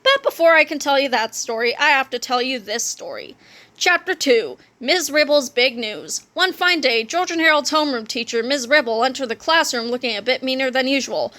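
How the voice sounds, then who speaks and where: Female reader for a children's book read-aloud; playful with asides, high and bright. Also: normal speed. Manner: playful, adds joking asides.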